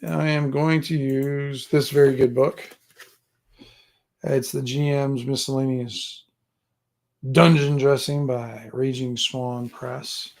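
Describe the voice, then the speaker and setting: Slow and slightly mellow, this man's medium-pitched voice stays level as he hosts a relaxed live stream about writing a tabletop adventure. He thinks out loud in a rambling fashion and trades jokes with viewers from a home room stocked with gear and books.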